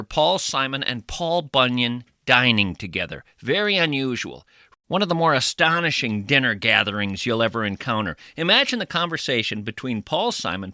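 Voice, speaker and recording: A man delivers a playful comedic monologue as a talk show host, riffing on absurd wordplay. His voice is bright and pitched a little high, with very lively ups and downs. The sound is dry and close. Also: no echo.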